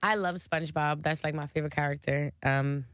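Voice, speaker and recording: Brief: woman in her 20s, laid-back interview chat, smooth voice, dry studio. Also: sits low, fairly quick, no echo. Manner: relaxed, chatty, lots of "like". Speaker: musician guest. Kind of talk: casual radio interview. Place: radio studio.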